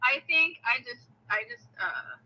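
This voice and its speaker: A woman guest in a casual interview with a strikingly sharp, bright voice and a husky edge. She is agreeable and hesitant and uses many fillers. Her voice sits a little high. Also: big pitch swings, measured pace, dull audio. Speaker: singer and vocal trainer.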